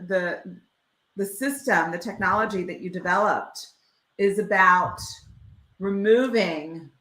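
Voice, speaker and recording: Woman, podcast co-host, bright voice, teasing, enthusiastic, roomy echo. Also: medium pitch. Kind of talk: casual chat.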